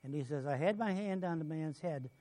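A man preaching a sermon, telling stories and acting out quoted voices, swinging from loud bursts to quiet asides. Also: on the high side, brisk.

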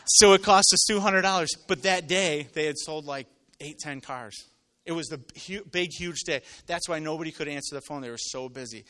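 A man preaching a sermon to a live congregation, telling stories and acting out voices, swinging from loud to quiet. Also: a little high, normal speed. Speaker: pastor. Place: church with live audience.

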